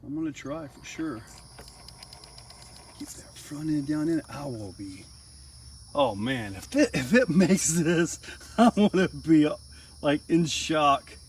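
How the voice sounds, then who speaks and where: A middle-aged man talks his way through an outdoor run, chatty and quick to get excited. He speaks at an unhurried pace, sitting some way off from the microphone. Faint outdoor ambience hangs behind him. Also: on the high side. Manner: chatty, excitable, laughs often. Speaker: RC hobby reviewer. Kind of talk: casual outdoor commentary while driving. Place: outdoors on a rock trail. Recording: distant mic, faint outdoor noise.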